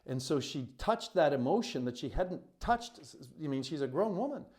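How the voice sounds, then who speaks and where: A man's voice: fairly high pitch, big pitch swings, normal speed, a little mellow. A man who works as a coach and retreat facilitator tells a personal story to camera in an earnest, emphatic, heartfelt way, with many "you know" fillers.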